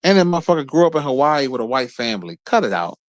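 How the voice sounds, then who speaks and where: A man's voice: mid-range voice, very animated, fast, no room sound. A man streaming casual commentary, blunt and profane, who often stumbles and repeats words at the start of his sentences. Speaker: streamer host.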